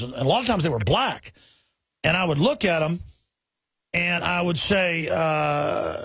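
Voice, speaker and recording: Brief: male talk radio host, high voice, indignant rapid-fire ranting, dry close mic. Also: expressive, husky, dry recording. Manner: forceful, indignant, repeats words in rapid restarts. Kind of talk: heated talk radio monologue.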